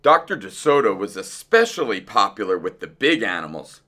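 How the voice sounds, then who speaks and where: A man reading a children's picture book aloud in an expressive, unhurried storytelling voice. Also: on the low side.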